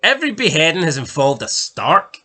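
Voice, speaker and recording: Man, co-host, rambling casual chat, bright voice, slightly high pitch. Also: huge pitch swings, brisk. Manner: loose, rambling, sprinkled with swearing and fillers. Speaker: podcast co-host. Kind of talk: casual chat ranking TV deaths.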